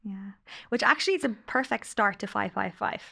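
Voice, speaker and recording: A woman's voice: medium pitch, fairly quick, gravelly, pushed and bright. A woman in her late thirties, a podcast guest and angel healer, telling stories in an effusive, emotional way. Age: late 30s. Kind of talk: casual podcast conversation.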